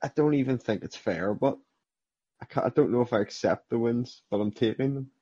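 A man's voice: medium pitch, a little fast, mellow, breathy edge, no room sound, dull audio. A man guesting on a podcast as a sim racing driver, modest and a little bemused about his wins. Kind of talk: casual chat.

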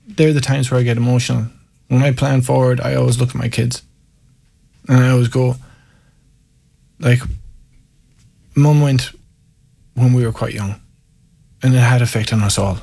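A man's voice: mid-range voice, steady tone, moderate pace, gravelly, pauses often, a little mellow, breathy edge. A man with an Irish accent, a former Gaelic footballer telling wry, candid stories in an interview. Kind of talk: casual storytelling interview.

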